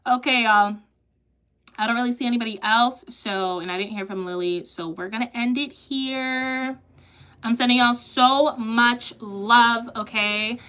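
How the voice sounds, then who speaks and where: A young adult woman reading tarot on a live stream in casual, animated chat. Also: fairly high pitch, unhurried, clean tone. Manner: animated, laughs and exclaims often. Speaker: tarot reader.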